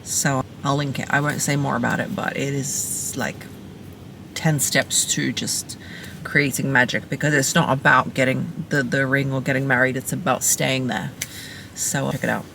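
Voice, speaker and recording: A woman's voice: rumbling low, flat delivery, normal speed, vocal fry, fairly bright tone, a little hiss or hum. A woman speaking as a relationship coach, giving direct-to-camera advice in an emphatic, playful and blunt way, repeating punchy phrases.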